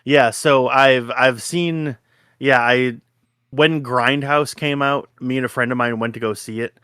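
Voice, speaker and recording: A man in his thirties co-hosting a podcast, chatting casually and excitedly, swearing often and acting out his own reactions. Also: medium pitch, unhurried, smooth, no room sound, clean studio sound. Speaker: podcast co-host. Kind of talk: casual chat.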